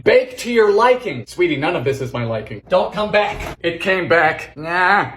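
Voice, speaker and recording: Guy doing a sarcastic cooking vid, deadpan jokes then yelling ingredients, voice jumps around a lot, echoey kitchen. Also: sits high, moderate pace, a little hiss or hum. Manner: sarcastic, deadpan one-liners with sudden shouted ingredient calls. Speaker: host of a cooking video. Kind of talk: comedic vintage-recipe cooking vlog. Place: home kitchen.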